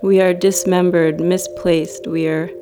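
A woman voicing a gruff older male street drifter who is a chain-smoker and bellows grand declarations. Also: high-pitched, little pitch movement, measured pace, noisy background. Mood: declaiming.

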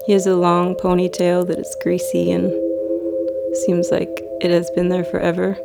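A woman recounts a personal story in a slow, reflective, dreamy way. Her voice is low and gravelly, with very little rise and fall, and loud music plays underneath. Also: completely flat delivery. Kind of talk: personal story told to an audience.

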